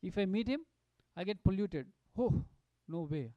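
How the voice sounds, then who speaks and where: A man giving a devotional storytelling talk at a satsang, animated and full of fillers and restarts. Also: high-pitched, normal speed, dry recording, lo-fi sound. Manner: animated, acts out quotes, many fillers and restarts. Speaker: satsang speaker.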